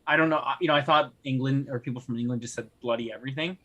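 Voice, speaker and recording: A man's voice: medium pitch, racing, pushed and bright. A man co-hosting a casual podcast chat, reading out facts with frequent fillers and laughs. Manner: laughs often, hesitant fillers and restarts. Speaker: podcast co-host.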